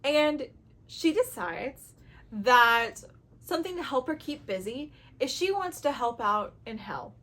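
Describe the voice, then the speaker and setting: A woman with a high, bright voice talks casually to her viewers about the books she loves. She gushes openly and acts out her own reactions as she goes. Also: animated, slow pace. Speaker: book reviewer. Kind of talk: casual chat to camera.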